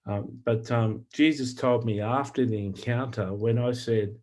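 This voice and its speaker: A man, a Christian author and minister, telling personal testimony stories in an earnest, plain-spoken way, halting often with fillers and repeated words. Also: medium pitch, steady tone, a little mellow. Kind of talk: personal testimony storytelling to camera.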